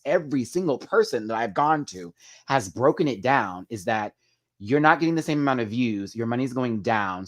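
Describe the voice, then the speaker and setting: Chatty gossiping male livestream host. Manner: chatty, gossipy, big swings in pitch and loudness; addresses viewers as "girl" and "y'all". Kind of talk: casual live-chat commentary.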